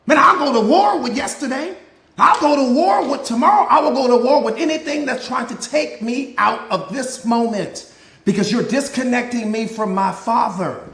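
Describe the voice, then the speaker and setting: Male motivational coach, very high pitch, preacher cadence, roomy echoey sound. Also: normal speed, a bit bright. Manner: preacher-like, repetitive rhetorical questions and answers. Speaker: mindset coach. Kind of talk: live motivational talk.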